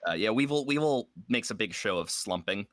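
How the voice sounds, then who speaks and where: A man's voice: lowish voice, lively intonation, a little fast, fairly bright tone, dry recording, studio quality. A man playing a tabletop game, casually describing his character's actions with many fillers. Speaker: player.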